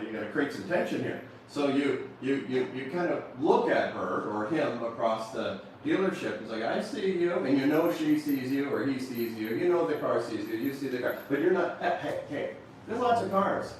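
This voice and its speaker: A man giving a playful motivational seminar talk to a live audience, acting out little scenes in mock-sensual voices. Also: mid-range voice. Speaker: motivational speaker. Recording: very echoey hall from far off, faint noise.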